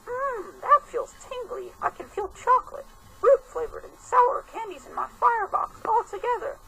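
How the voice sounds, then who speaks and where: A small young male engine with a high, squeaky voice that leaps around. It sounds eager and a little sneaky, with gravelly fry at the edges. A faint hiss sits under it. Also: animated, normal speed, pushed and bright, heavily acted, rough recording. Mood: delighted.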